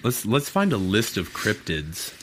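A man co-hosting a laid-back podcast, his voice sitting on the low side. He reads from his notes haltingly, pausing and restarting over tricky words. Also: wildly swooping pitch, a bit bright, a little hiss or hum. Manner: halting, stumbles over words when reading. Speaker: podcast co-host. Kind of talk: casual chat, reading notes aloud.

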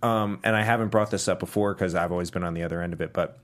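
A man's voice: low voice, fairly even intonation, fast talker. A man co-hosting a podcast, chatting casually about a movie and retelling scenes with acted quotes. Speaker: podcast co-host.

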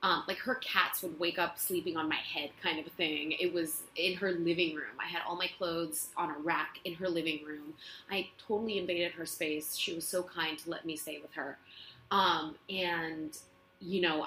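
A woman, an actress, tells stories on herself in a loose, chatty interview. Her voice is bright and forward, and she fills gaps with plenty of ums and likes. The sound carries the echo of the living room of her own apartment. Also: on the low side, a little hiss or hum. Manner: chatty, self-mocking, many fillers. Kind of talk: casual storytelling interview.

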